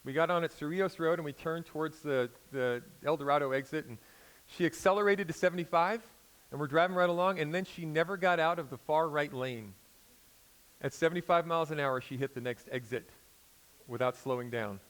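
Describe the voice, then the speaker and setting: An American man in his forties preaching a sermon in a conversational storytelling way, swinging between loud emphasis and quiet intensity. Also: fairly high pitch, fairly quick, clear, resonant tone, poor audio. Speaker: pastor.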